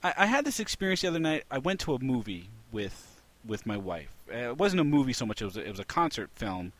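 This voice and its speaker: A man hosting a casual podcast, telling an animated story with lots of restarts. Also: mid-range voice, fast. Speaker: podcast host.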